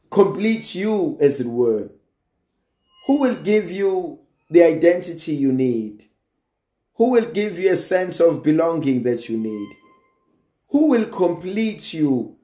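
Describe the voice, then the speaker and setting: A man delivers a sermon at an unhurried, deliberate pace. His voice sits a little high but has a dark, mellow tone. The sound rings with the echo of a church. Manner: slow, deliberate preaching with emphatic rises. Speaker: priest.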